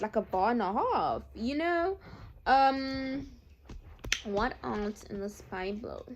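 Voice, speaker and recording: A young woman talks straight to her viewers, emphatic and animated, often calling them "guys." Her voice sits a little high. She moves between heated opinion and quieter reflection. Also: slow, a little hiss or hum. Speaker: vlogger. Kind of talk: casual chat to camera.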